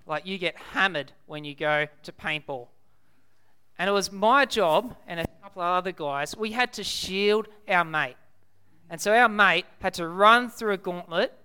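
Australian male preacher, young adult, sermon, emphatic repetition, very smooth resonant voice. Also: sits high, pushed and bright. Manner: emphatic, repeats key words slowly for effect.

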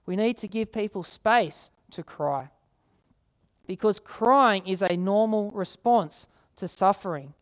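A woman preaching a sermon, earnest, repeating key phrases and slowing down to read scripture. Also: mid-range voice. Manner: slows down to read scripture aloud.

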